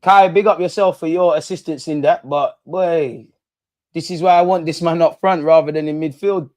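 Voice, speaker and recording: Slangy, excitable fan, dry sound. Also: male voice, on the high side, normal speed, no room sound. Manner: slangy, blunt and excitable, chanting and shouting at goals. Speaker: football fan watch-along host. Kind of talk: live match watch-along commentary.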